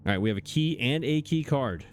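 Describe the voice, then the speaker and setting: A man's voice: medium pitch, animated, brisk. Guy doing lets play commentary, frustrated, muttering to himself, faint music behind. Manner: frustrated, exasperated, talks to himself. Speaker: let's play gamer. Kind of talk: gameplay commentary.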